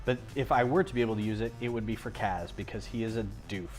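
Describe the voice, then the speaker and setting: A man hosting a casual livestream from home, rambling onto tangents, losing his thread and filling pauses with ums. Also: fairly low pitch, faint music behind. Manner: frequent ums and restarts. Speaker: livestream host. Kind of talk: casual chat while building.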